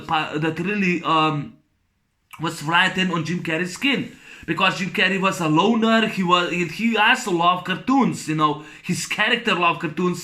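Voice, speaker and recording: A man with a high, bright voice talks through a film review in a loose, unscripted way. He stumbles over fillers and restarts and keeps breaking into laughter. His excitement about the scenes comes through clearly. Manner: rambling, halting, with many fillers and restarts; enthusiastic, laughing often while retelling scenes. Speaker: movie reviewer. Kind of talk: casual spoken film review.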